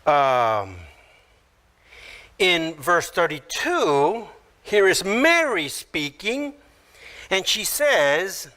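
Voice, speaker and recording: A man delivers a sermon from the pulpit, pastor-style, in a bright and forward voice pitched somewhat high. His delivery is unhurried and lively in melody, rising and falling widely as he walks through the verses one at a time. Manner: animated, acts out quoted voices with sudden high pitch jumps.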